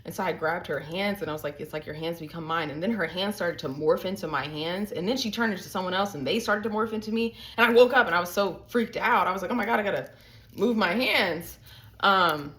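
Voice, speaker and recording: Chatty young woman vlogger, lowish voice. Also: fast talker, few pauses, poor audio. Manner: chatty, animated storytelling with sudden pitch jumps. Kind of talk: casual chat to camera.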